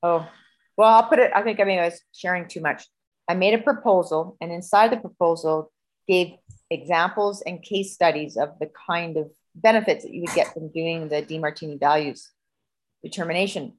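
A woman on a video call telling a personal story in a heated, profane, animated way. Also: lowish voice, normal speed, rough recording. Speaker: guest.

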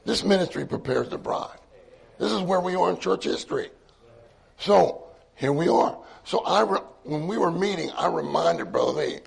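Male church speaker, sermon anecdote, slightly high, raspy, relaxed conversational delivery. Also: moderate pace. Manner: conversational anecdote with quoted dialogue and laughs. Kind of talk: sermon storytelling.

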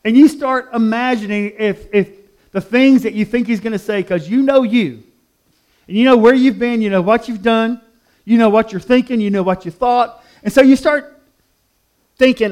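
A man's voice: very high-pitched, normal speed, a little mellow. A male pastor giving a sermon in a conversational, emotive storytelling manner.

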